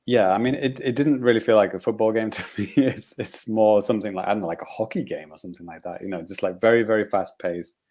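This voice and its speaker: Low-voiced mellow man rambling casually. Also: fast talker, hardly any pauses. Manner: rambling, chuckling, many fillers. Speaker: podcast co-host. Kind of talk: casual chat.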